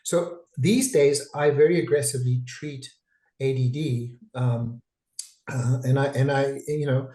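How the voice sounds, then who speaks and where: Speaking over a video call, this psychiatrist delivers a chatty webinar talk that wanders off on tangents and keeps restarting. His medium-pitched voice is warm, steady, and unhurried. The audio is low quality and reverberant.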